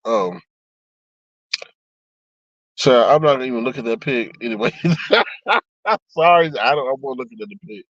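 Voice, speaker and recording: A man's voice: mid-range voice, expressive, normal speed, pauses often, fairly bright tone, dry recording, highs cut off. A man in casual chat on a live stream, reading viewer comments aloud and talking back to them. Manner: chatty, reads comments aloud, frequent laughs and asides.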